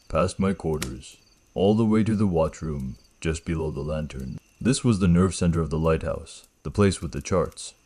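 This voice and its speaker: Deep husky-voiced man narrating horror. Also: dark tone. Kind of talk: first-person horror story narration.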